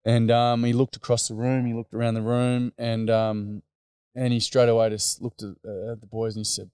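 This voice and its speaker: A man's voice: lowish voice, little pitch movement, moderate pace, a little mellow, clear, resonant tone, no room sound. A middle-aged man with an Australian accent telling earnest, rambling personal stories from his workshops with boys. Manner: earnest, rambling, lots of "um" and "mate". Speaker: speaker running boys' workshops. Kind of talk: personal storytelling talk.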